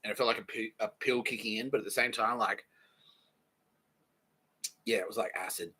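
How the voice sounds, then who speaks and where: Rambling, swearing man with a bright voice. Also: on the low side, steady tone, normal speed, husky. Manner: rambling, swears a lot, acts out quoted voices. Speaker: podcast host. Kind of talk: rambling comedic monologue.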